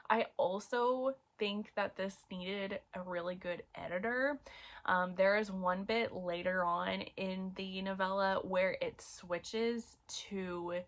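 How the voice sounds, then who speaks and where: In a casual book review chat, a female reviewer talks through the romance novels she's finished, filling her speech with fillers. Her voice is mid-range and a bit bright, and she turns emotional when a beloved series comes up.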